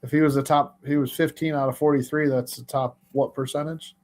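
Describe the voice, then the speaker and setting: A man's voice: medium pitch, fairly even intonation, fairly quick, a little mellow. Joking male co-host. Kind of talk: casual live stream chat.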